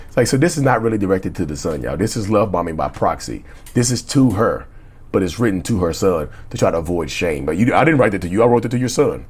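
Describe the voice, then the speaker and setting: Speaking quickly in a low, expressive voice that's darkish and a bit rough, a male YouTuber covering narcissistic abuse works through viewer emails. He chats casually straight to his viewers, frequently stumbling and saying words twice while reading.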